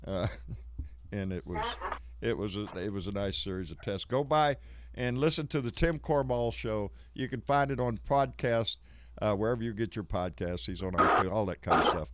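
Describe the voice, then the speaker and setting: A man's voice: lowish voice, moderate pace, slight background noise. Folksy man hosting a live stream. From Texas. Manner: rambling, folksy, swears freely. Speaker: live show host. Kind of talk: casual live-stream chat.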